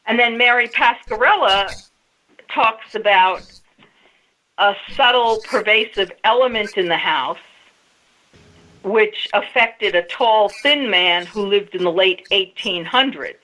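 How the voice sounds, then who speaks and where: A woman's voice: medium pitch, slow pace, pushed and bright, poor audio. A woman guest on a radio interview, telling a story step by step in a casual way. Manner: storytelling, recounting events step by step.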